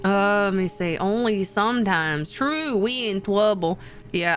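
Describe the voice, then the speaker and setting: Excitable, animated streamer woman. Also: measured pace, clean tone, soft background music. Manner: animated and excitable, with gasps and sudden high squeals. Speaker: VTuber streamer. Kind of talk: casual stream chat with viewers.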